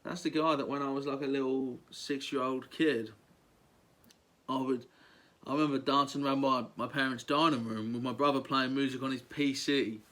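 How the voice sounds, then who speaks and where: A man's voice: mid-range voice, fairly even intonation, moderate pace, fairly bright tone. A young man, talking casually and enthusiastically as a vlogger, gushing through a countdown with lots of ums and likes.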